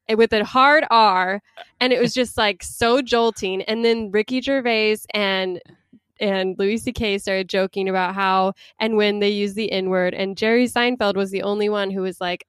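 A woman in casual conversation, chatty and quick to laugh, with lots of fillers. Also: mid-range voice, steady tone, clear, resonant tone, no echo. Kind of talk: casual chat about news.

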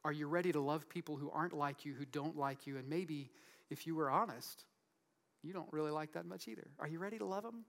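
A man's voice: fairly high pitch, fairly quick, creaky. Earnest man preaching a sermon. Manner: earnest, conversational preaching with frequent rhetorical questions; drops to a soft, quiet voice for emphasis. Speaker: pastor.

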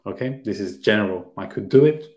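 A man's voice: fairly low pitch, expressive, a little fast, darkish tone. Roomy-sounding man teaching English. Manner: laughs easily, explains with examples. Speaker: podcast host, English teacher. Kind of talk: casual teaching chat. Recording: roomy echo.

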